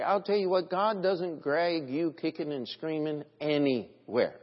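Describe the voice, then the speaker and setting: A pastor with a fairly high voice preaches an evening sermon at normal speed, earnestly and emphatically, barely pausing as he reads scripture aloud. The audio is dull and carries a long church reverb.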